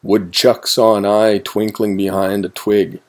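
Guy reading a kids story real slow, low voice, kinda husky, playful. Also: flat delivery. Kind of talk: children's story read-aloud.

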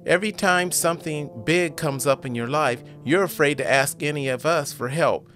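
A man's voice: a little high, moderate pace, faint music behind, pitched above the performer's own voice, natural voice. A man voicing a sarcastic, defiant young woman. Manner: sarcastic, fires back loudly.

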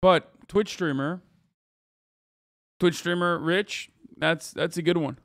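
A man in his thirties commenting on a video during a live stream, ranting in rapid, profane, incredulous bursts. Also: a little high, steady tone, a bit bright, no room sound, studio quality.

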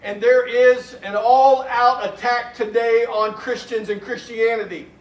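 High-voiced preaching man, echoey church. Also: fairly even intonation. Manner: earnest preaching, recites hymn verses slowly. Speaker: pastor. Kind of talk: sermon. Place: church sanctuary. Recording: echoey church room from a distant mic.

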